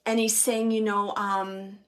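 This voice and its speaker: A woman giving a psychic reading to viewers from her home. She speaks gently and reassuringly and often stops to restart her sentences. Her pitch and pace stay in an ordinary middle range. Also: flat delivery, slow pace. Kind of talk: live online psychic reading. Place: home, with a small dog nearby.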